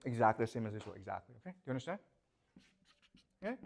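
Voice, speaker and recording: A man's voice: mid-range voice, big pitch swings, rapid-fire, gravelly, darkish tone. Guy teaching a class, bouncy up-and-down voice, always asking "okay? you understand?". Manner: repeats questions to students, checks understanding often. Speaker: lecturer. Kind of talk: classroom lecture.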